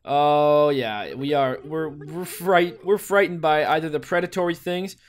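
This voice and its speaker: Man, gameplay commentary, excitable, swears a lot, slightly high voice. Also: unhurried. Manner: excitable, exclaims and swears often. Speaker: gaming video host. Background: faint background music.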